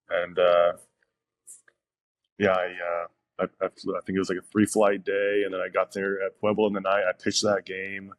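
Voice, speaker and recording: A young man, a professional pitcher, telling stories casually as a podcast guest, rambling with fillers and restarts. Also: dry recording. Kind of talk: casual interview storytelling.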